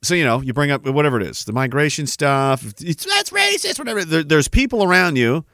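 A man's voice: a little high, a little fast, no room sound. Guy ranting on his podcast, swears a lot, rambles, dry close mic. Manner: profane, rambling, animated rant. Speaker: podcast host. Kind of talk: ranting monologue.

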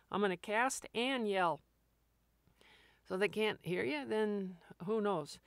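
Frank woman podcast host, smooth voice. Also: mid-range voice, no room sound, clean studio sound. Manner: frank, animated, acts out nagging with quick asides. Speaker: dog training podcast host. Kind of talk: casual instructional talk.

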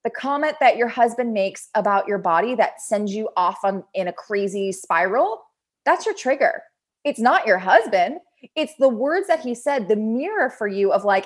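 A woman in her thirties gives a casual motivational talk on personal growth. Her voice sits a little high. She speaks with energy and acts out quoted self-talk along the way. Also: animated, moderate pace. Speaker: podcast host, personal development.

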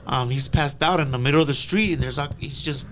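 A man in casual chat, telling an anecdote in relaxed slang. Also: medium pitch, fast, background noise.

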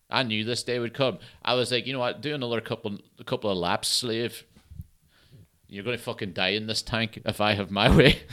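A man's voice: medium pitch, a bit bright. A man, talking at home on a solo comedy podcast in rambling, sweary rants. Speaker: podcast host.

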